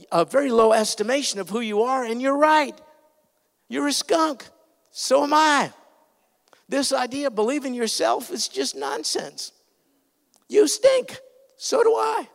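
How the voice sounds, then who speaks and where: High-pitched gravelly preacher man in a hall. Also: normal speed. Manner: earnest, emphatic preaching with sudden loud swells. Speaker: pastor. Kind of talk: sermon. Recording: reverberant hall sound.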